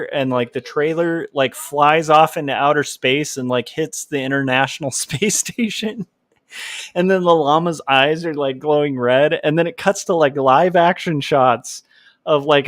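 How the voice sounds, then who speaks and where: A man's voice: medium pitch, fairly bright tone, no room sound. Guy rambling on a livestream, lots of likes and ums, dry close sound. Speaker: livestream host, comic artist. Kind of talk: casual livestream chat.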